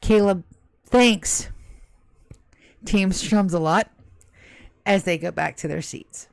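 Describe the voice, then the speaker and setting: A woman's voice: medium pitch, slow, vocal fry, dry recording, studio quality. A woman narrating as game master of a tabletop game, joking and swearing at her players.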